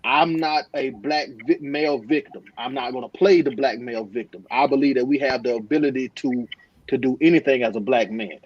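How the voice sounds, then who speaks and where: A man's voice: mid-range voice, husky, no room sound. Earnest man with a dull, dry sound. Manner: halting, many restarts, earnest. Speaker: podcast co-host. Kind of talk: casual discussion.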